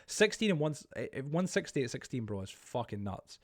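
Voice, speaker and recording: A man's voice: medium pitch, big pitch swings, a little fast. A young man streaming live, chatting casually, swearing freely and reacting to viewer chat he reads aloud.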